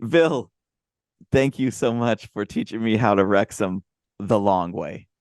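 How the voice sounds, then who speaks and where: A man hosting a casual podcast, playful and quick to laugh, often repeating words as he talks into a close microphone. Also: fairly low pitch, a little mellow, no room sound. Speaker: podcast host.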